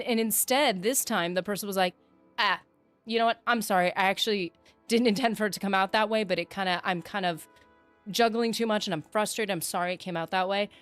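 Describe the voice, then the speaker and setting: A woman's voice: medium pitch, no room sound. Chatty woman game streamer. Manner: chatty and reflective, reads chat aloud. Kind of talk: casual livestream chat.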